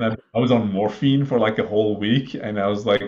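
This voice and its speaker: A man in his thirties from Iraq, a guest calmly telling a personal story in a halting way, with many fillers, on a slightly muffled recording. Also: lowish voice, slight background noise. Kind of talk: conversational storytelling. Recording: slightly dull, muffled audio.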